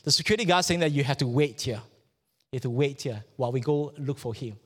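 A man's voice: mid-range voice, fairly bright tone, breathy edge. A middle-aged man from Malaysia preaching a sermon, telling a personal story and stumbling over repeated words as his fervor builds. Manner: halting and repetitive, rising with fervor. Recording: long hall reverb.

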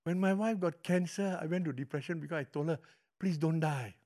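A middle-aged man with a Malaysian English accent, preaching a sermon with animated storytelling that swings from loud to hushed. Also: a little high, brisk. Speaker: pastor.

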